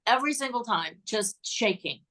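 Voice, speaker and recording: A woman's voice: on the high side, animated, moderate pace, fairly bright tone. An older woman, a guest in a casual interview, telling chatty stories, laughing often and repeating words. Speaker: guest, former cue card writer.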